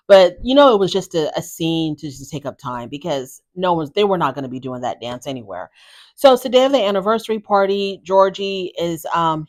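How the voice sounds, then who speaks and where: Woman host, lower register, for a blunt, opinionated reality-show recap. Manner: gossipy, blunt, chatty.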